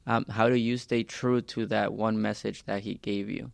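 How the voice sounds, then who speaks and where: A man's voice: on the low side, level tone, normal speed, creaky, no room sound. A man hosting a podcast, chatting casually and asking probing questions in a friendly way. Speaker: podcast host. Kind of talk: casual interview chat.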